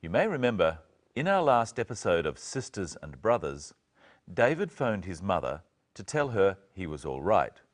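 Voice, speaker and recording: A man presenting an English lesson in a clear, careful scripted way, slowing down over the examples. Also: low-pitched, sing-song. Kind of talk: scripted teaching narration.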